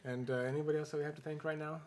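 A man's voice: on the high side, level tone, rapid-fire, darkish tone. A man co-hosting a podcast, chatting casually and trading playful jokes. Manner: joking, playful banter. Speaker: podcast co-host. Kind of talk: casual chat.

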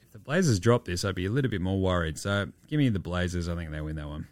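Sweary, tipsy Australian podcast host. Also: male voice, low-pitched, animated, quick pace, no room sound, faint music behind. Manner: sweary, loose and rambling. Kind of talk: casual podcast chat.

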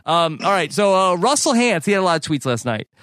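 A man's voice: high-pitched, fairly quick, no room sound. A man hosting a podcast, chatting casually, laughing often and reading out tweets. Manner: laughs often, reads tweets aloud in a flat tone. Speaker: podcast host.

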